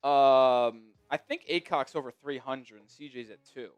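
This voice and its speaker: A man with a New York accent hosting a live sports stream, chatting excitably and swinging from mumbles to shouts. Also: mid-range voice, a little slow, smooth, lo-fi sound, faint music behind. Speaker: sports show host.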